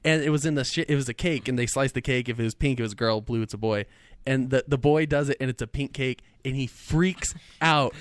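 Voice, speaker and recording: A man's voice: mid-range voice, brisk. A man co-hosting a casual sports talk show, easygoing and telling stories between laughs. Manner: easygoing, laughs often, storytelling. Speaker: co-host.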